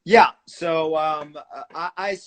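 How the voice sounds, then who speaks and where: A man in his forties speaks as a guest on a podcast. He sounds easygoing and a bit hesitant, pausing on fillers as he tells his story. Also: on the high side, steady tone. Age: 40s. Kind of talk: casual interview chat.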